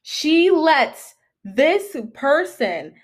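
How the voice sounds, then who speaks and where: A woman's voice: sits high, drawn-out words. A young woman co-hosting a podcast, telling a story in casual, profane chat and acting out the people in it. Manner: animated, profane, quotes people in shifting voices. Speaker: podcast co-host.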